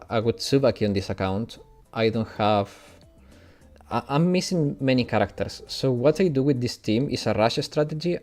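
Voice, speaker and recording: In a medium-pitched, slightly mellow voice, an Italian man whose first language is Italian streams a game and chats casually with his viewers in accented speech, laughing often as a gaming streamer.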